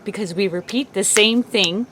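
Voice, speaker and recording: A woman's voice: medium pitch, moderate pace, fairly bright tone. A woman co-hosting a casual chat show, laughing often and musing about human nature. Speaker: co-host. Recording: faint background noise.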